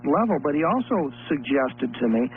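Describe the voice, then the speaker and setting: A man talks as a guest on a call-in radio program, earnest and a little halting, often circling back to restart a thought. His voice sits fairly high. It comes through thin and tinny, like a phone line, with a faint hum underneath. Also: sing-song.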